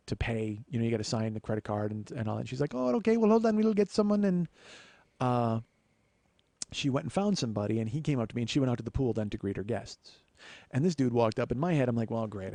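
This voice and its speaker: A man's voice: medium pitch, darkish tone, no room sound. A man in his forties hosting a podcast, telling a long comic story with profane, self-deprecating asides. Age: 40s. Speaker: podcast host. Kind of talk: comedic storytelling monologue.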